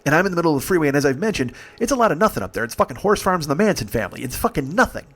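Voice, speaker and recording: A man's voice: on the high side, big pitch swings, very fast, fairly bright tone. A man in his forties, a comedian, telling a rambling, profane, exasperated comic story. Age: 40s. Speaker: comedian host.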